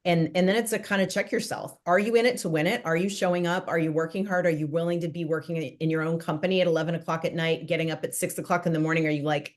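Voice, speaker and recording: A woman's voice: low voice, a little fast. A woman guest on a podcast, an interior designer, recounting her experience in a reflective, heartfelt way. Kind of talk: casual interview chat.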